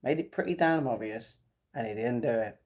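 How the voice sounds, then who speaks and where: Reading a novel aloud on a live stream, a man with a mid-range, slightly mellow voice at normal speed stumbles and corrects himself. He breaks off now and then to laugh at the chat.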